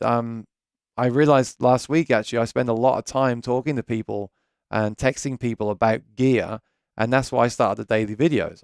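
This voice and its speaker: A chatty British man talks through a live stream from his home studio, restarting sentences as he goes. His voice is smooth and resonant with a gravelly edge. The sound is dry and close, with no room echo. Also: medium pitch. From Britain. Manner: chatty, rambling, self-correcting. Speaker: gear channel host.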